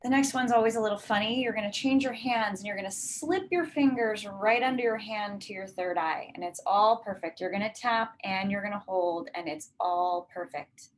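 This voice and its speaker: A woman leading a guided tapping meditation, slowly repeating affirmations and pausing for breaths. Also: mid-range voice, a little hiss or hum. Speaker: tapping session leader.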